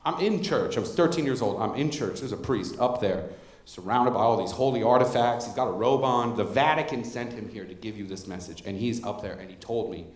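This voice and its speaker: A man in his thirties doing a stand-up comedy set on a club stage with a handheld mic, telling stories in a deadpan way with crude asides. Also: fairly low pitch, a little fast. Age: 30s. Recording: roomy club sound with faint crowd noise. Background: audience laughter.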